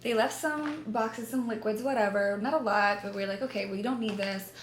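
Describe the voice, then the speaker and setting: A woman vlogger telling a story in animated casual chat, talking straight to her viewers. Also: on the high side, brisk. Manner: animated, chatty, addresses viewers as you guys. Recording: echoey room, faint background noise.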